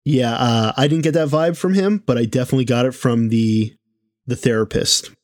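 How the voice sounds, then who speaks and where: A man's voice: mid-range voice, normal speed, a little mellow, no echo, clean studio sound. A man co-hosting a casual podcast, talking with many fillers and restarts. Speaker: podcast co-host.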